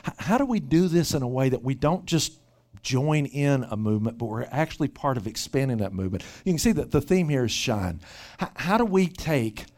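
A man preaching at a retreat, telling a lively story and often repeating words as he starts sentences. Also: medium pitch, brisk. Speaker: pastor. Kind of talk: sermon with storytelling.

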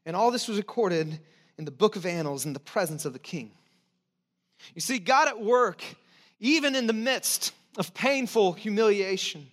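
A man preaching a sermon in a conversational, emphatic way, with restarts and asides, sometimes dropping to soft encouragement. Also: high-pitched, expressive, normal speed. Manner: drops to soft, intimate encouragement. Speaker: pastor.

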